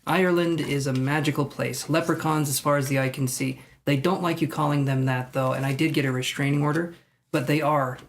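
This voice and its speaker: A man with a slightly high voice hosts a live tarot stream. He rambles, thinks aloud and pokes fun at himself while reading cards for his viewers. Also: fairly even intonation, brisk, a little hiss or hum. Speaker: tarot reader.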